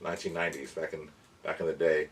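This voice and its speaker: A man's voice: very deep voice, flat delivery, quick pace. A man hosting a casual toy review and science explainer for kids, chatty and rambling, often correcting himself. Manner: addresses kids. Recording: voice a bit far from the mic, faint background noise.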